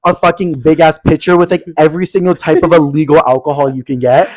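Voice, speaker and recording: A man's voice: on the high side, steady tone, darkish tone, no room sound, poor audio. A young man co-hosting a podcast in casual chat, teasing and joking, filling his talk with "like". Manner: playful teasing, quick jokes, lots of "like". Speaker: podcast co-host.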